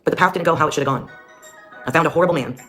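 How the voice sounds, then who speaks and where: A woman's voice: low voice, very fast, a bit bright. A woman telling her own story as a mother in a blunt, heated way, with heavy swearing. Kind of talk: personal storytelling. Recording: clear music behind the voice. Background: music.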